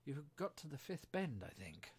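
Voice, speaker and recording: A man putting on an earnest young storybook girl, eager and polite. The voice sits higher than a plain man's and has a husky, breathy edge. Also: very animated, moderate pace, full character voice.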